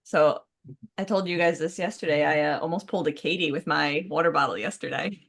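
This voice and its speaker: A woman co-hosting a podcast, chatting casually in a lively, jokey way. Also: low-pitched, gravelly. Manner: lively, jokey, quick bursts of excitement. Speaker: podcast co-host. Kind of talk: casual chat.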